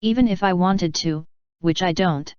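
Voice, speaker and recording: A woman voicing a female pony who is a wife close to tears, defensive and hurt, in a very smooth, dry, lo-fi reading. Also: lowish voice, normal speed, a little mellow, no echo, close to an everyday voice. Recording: dull lo-fi.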